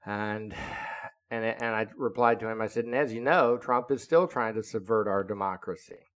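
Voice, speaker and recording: A man in his seventies, a retired naval officer, telling a story in an indignant, deliberate, lecturing way. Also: lowish voice, fairly bright tone. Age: 70s. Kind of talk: casual storytelling monologue.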